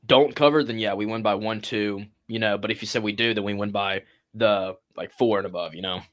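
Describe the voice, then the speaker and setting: A man's voice: on the low side, fairly quick, fairly bright tone. A man co-hosting sports talk radio, explaining things in a hesitant way and repeating himself.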